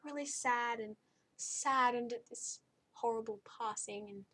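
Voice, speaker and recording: A young woman talks through a book review in a loose, rambling way, restarting sentences as she goes. Her voice sits a little high, and her tone is blunt and exasperated. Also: measured pace, fairly bright tone. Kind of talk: casual spoken review.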